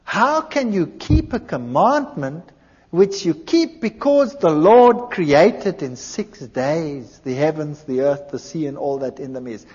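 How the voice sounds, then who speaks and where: A man giving a personal testimony, telling his story in an animated way and acting out the dialogue. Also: a little high, slow, slightly rough. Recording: dull lo-fi recording in a large reverberant hall.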